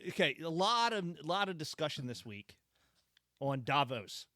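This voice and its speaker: A man's voice: a little high, big pitch swings, moderate pace, pushed and bright, dry recording, studio quality. A man co-hosting a talk radio show, leading into topics and reading up facts in casual chat. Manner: leads topics, reads up facts, laughs along. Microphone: studio microphone.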